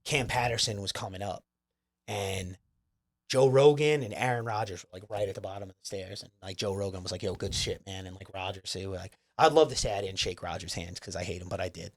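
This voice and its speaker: A man's voice: low-pitched, fairly quick. A man, a comedian guest, telling a rambling, profane story in casual chat. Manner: profane, rambling, lots of fillers.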